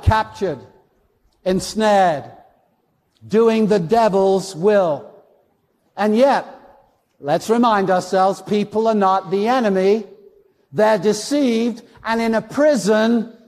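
A male pastor delivers a sermon in a high, gravelly voice, driving his points home by repeating them. His words ring out with a long reverb from a church hall. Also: darkish tone. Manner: emphatic, repeats words for stress. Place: church sanctuary.

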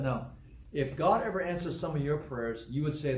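A man preaching a sermon, earnest and deliberate, repeating key phrases slowly for emphasis. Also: medium pitch, a little mellow. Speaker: pastor. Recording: echoey room with faint background noise.

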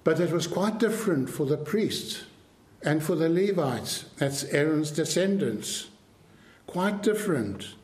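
Slow, measured male preacher. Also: a little high, animated, a little mellow, echoey room. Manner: slow, measured, emphatic delivery. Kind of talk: sermon. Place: church.

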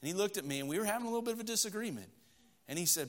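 A middle-aged man, preaching a sermon in church and telling stories, shifting between loud emphatic stretches and low quiet ones. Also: lively intonation, very fast. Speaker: pastor. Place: church sanctuary.

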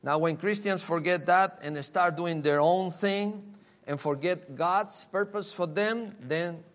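A man's voice: sits high, slow, fairly bright tone. A man preaching a sermon, earnest and emphatic, repeating key words and reading scripture in old-fashioned wording.

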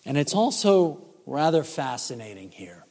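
A man preaching a sermon as pastor, emphatic and measured, with rhetorical questions. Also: on the high side, very animated, noisy background. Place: church sanctuary. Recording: church hall reverb.

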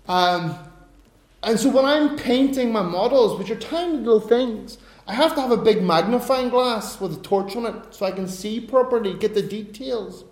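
A middle-aged man preaching a sermon, telling personal stories in an animated way, breaking into bursts of laughter. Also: high-pitched. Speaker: pastor. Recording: roomy echo.

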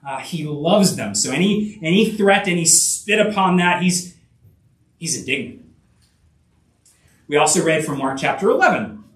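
A pastor preaching a sermon in a church, earnest, with many fillers and restarts, tossing in rhetorical asides and building to emphatic peaks. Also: male voice, fairly high pitch, animated, moderate pace, long pauses, fairly bright tone. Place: church sanctuary. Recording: echoey room, voice picked up from a distance.

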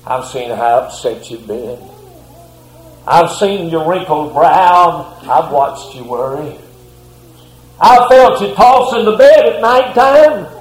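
A preacher voicing a gentle, agreeing wife. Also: male voice, a little high, expressive, slow pace. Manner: soft, gentle, hesitant. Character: loyal wife, soft and agreeing. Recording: echoey room.

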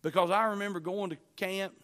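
A middle-aged man preaching a sermon, moving from quiet personal stories to loud, urgent pleading. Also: high-pitched, fairly even intonation, a little fast. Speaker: pastor.

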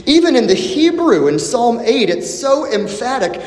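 A man preaching a sermon, expressive and dramatic, repeating questions for emphasis with long pauses. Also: extremely high pitch. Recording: echoey hall with long reverb.

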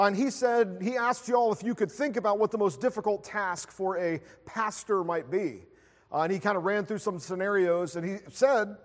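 Guy with a high voice preaching, lots of uhs, big echoey hall sound. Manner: storytelling with frequent uh fillers. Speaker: pastor. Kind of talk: sermon. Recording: long hall reverb.

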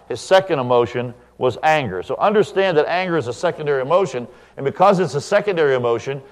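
A middle-aged man, the pastor, giving a sermon in a church, talking conversationally and telling stories with asides to the congregation. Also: a little high. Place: church sanctuary.

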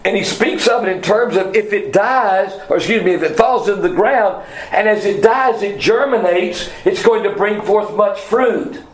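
A man preaching a sermon, teaching verse by verse with quick asides and self-corrections. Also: high-pitched, reverberant, low-quality recording. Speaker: pastor. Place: church sanctuary.

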